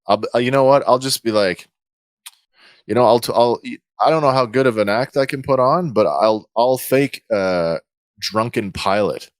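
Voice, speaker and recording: A man playing a tabletop game, thinking out loud in a rambling, casual way. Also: mid-range voice, moderate pace, dry recording, clean studio sound. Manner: rambling, full of fillers and restarts. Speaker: player.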